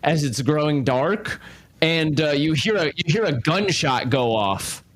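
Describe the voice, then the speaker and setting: Game master, male, fairly high voice, rambling casual narration. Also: lively intonation. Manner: loose, halting narration full of fillers.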